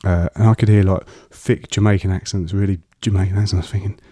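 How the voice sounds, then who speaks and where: Deep, flat-voiced man recounting his past. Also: no room sound, studio quality. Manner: halting, many fillers and restarts. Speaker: guest. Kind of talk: personal storytelling in an interview.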